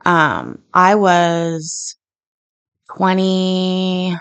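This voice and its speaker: A woman's voice: fairly low pitch, little pitch movement, very slow, a bit bright, smooth. A Canadian woman in her thirties telling a rambling personal story in casual chat, with lots of fillers and restarts, at home in her kitchen. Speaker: host.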